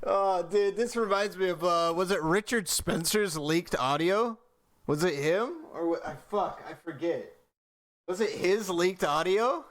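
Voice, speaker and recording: Young male streamer, slightly high voice, rambling, easygoing reaction talk. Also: unhurried, a bit bright. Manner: loose, rambling, filler-heavy. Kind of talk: casual reaction commentary.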